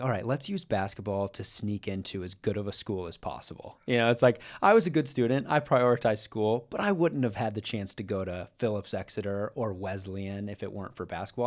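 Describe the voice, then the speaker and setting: A man's voice: on the low side, a little mellow. A young man from Kansas co-hosting a podcast, speaking in an earnest, reflective way with frequent restarts. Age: young adult. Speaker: podcast co-host. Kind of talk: casual podcast chat.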